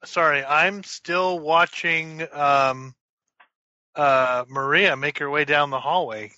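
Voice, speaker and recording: A man with a bright, sharp voice plays a tabletop game, joking and drawing out his words. His voice comes over a dull, lo-fi voice chat line. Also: a little high, takes it slowly. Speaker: player. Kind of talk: casual tabletop play.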